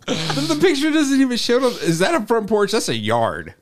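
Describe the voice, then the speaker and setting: A man's voice: high voice, wildly swooping pitch, normal speed, slight background noise. A man co-hosting a podcast, casually telling news stories with lots of swearing. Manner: profane, laid-back news storytelling. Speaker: podcast co-host. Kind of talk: casual chat.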